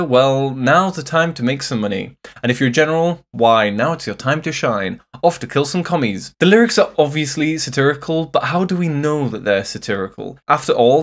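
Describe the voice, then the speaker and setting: A man narrating a scripted video essay on song lyrics, analytical and wry, with casual asides to the viewer. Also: mid-range voice. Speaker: music commentator.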